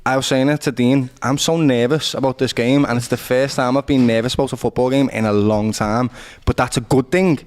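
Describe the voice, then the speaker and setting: Quick, chatty Scouse man, football panel banter. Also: medium pitch. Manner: excitable, chatty, says "lad" and "mate".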